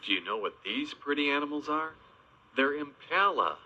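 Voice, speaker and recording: A man slowly teaching young children animal names, spelling words out and making animal noises. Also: on the high side, expressive, sharp tone, lo-fi sound. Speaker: children's educational host.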